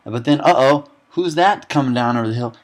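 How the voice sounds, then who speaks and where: A young man giving a sarcastic, deadpan comedic recap of a film, dropping quick asides and snippets of characters' lines. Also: mid-range voice.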